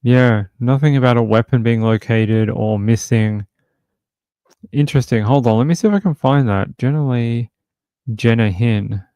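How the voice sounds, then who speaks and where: A man's voice: mid-range voice, moderate pace, mellow, clear, resonant tone, no echo. A man hosting a true crime livestream from home, chatting casually in a loose, rambling way full of fillers.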